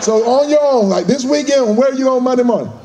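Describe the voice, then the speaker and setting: A man's voice: extremely high pitch, lively intonation, a little fast, noisy background. A man giving a fired-up motivational speech to a live audience, using call-and-response and acting out voices. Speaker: motivational speaker.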